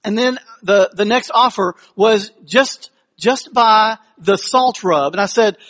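Speaking slowly in a high, fairly bright voice, a pastor preaches a sermon built around personal stories. His manner is conversational and humorous, and he puts questions to the people in the pews.

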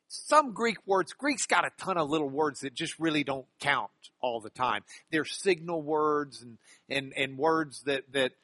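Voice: medium pitch, a bit bright, dry recording, clean studio sound. A Bible study teacher giving a class lesson, talking with the class and pressing hard on key words, repeating phrases for emphasis. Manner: conversational with the class, checks they follow along. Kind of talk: Bible class lesson explaining Greek word order.

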